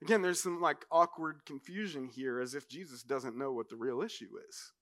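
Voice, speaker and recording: A man pastor preaching a sermon in an animated, conversational way, often filling in with "like". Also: mid-range voice, normal speed.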